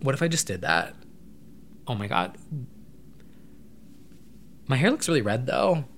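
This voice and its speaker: A young adult man vlogging to camera, rambling in an animated, casual way with occasional swearing. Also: medium pitch, measured pace, a little hiss or hum.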